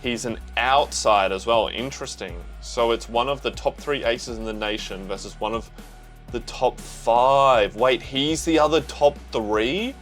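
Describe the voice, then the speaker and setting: A young Australian man giving casual, slangy reaction commentary to a manga, talking excitedly to himself and the viewer. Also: medium pitch, a little slow, faint music behind.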